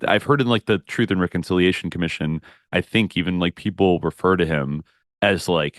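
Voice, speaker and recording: Very deep-voiced rambling male co-host. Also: a little fast, dry recording, studio quality. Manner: rambling, heavy use of "like". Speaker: podcast co-host. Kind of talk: casual chat.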